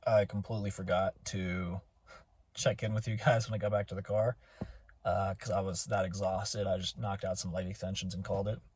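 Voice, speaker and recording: A man giving a relaxed, rambling travel update from his car, with lots of fillers. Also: low-pitched, fairly quick, slight background noise. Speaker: vlogger.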